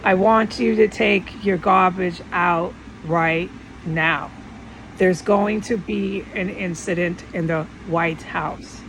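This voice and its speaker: A woman imitating a calm, stern male voice. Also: fairly low pitch, creaky, slight background noise, low-quality recording. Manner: slow, measured commands.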